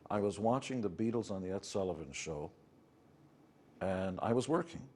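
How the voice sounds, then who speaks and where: A man's voice: low-pitched, lively intonation, moderate pace, darkish tone. A middle-aged man with a New York accent, speaking as an interview guest and telling his story in a blunt, matter-of-fact way. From United States. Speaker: interview guest, rock musician. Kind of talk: candid conversational storytelling.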